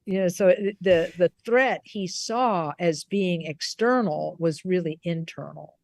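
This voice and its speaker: A woman Buddhist teacher telling a story on a video call, unhurried and given to restarts and repeated words. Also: lowish voice, vocal fry, a little mellow. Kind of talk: storytelling in a recorded conversation.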